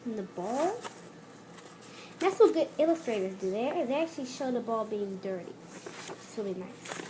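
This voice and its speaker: A host of a children's lesson reading a picture book aloud and explaining it slowly to kids, with restarts and asides. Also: medium pitch, expressive, a little mellow, slight background noise.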